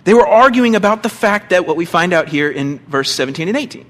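A middle-aged man preaching a sermon, reading scripture and acting out quotes with big swings between loud and quiet. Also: high-pitched, lively intonation, a little fast, hardly any pauses. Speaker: pastor.

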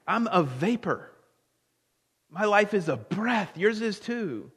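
A man's voice: high-pitched, big pitch swings, takes it slowly, a bit bright, breathy edge. A man in his late thirties preaching a sermon as pastor, earnest, asking rhetorical questions and repeating key phrases. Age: late 30s. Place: church sanctuary. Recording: long reverb of a large hall.

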